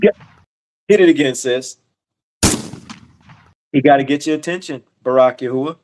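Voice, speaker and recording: A man leading an informal Bible study, blunt and emphatic, repeating his points in casual slang and reading scripture aloud slowly. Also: medium pitch, background noise. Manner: reads scripture slowly in a raised, declaiming voice.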